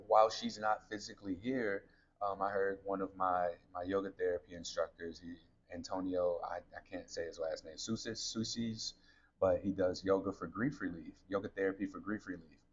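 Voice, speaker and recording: A man's voice: low-pitched, dull audio, slight background noise. A man in his thirties, a podcast host, candidly telling a personal story to his listeners in a conversational way. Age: 30s.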